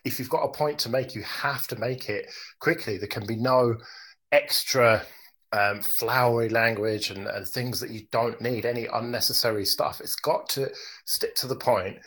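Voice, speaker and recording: A man's voice: mid-range voice, normal speed, fairly bright tone, slightly rough. A man in a casual podcast chat, making his argument step by step. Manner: thoughtful, builds an argument step by step. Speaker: podcast co-host.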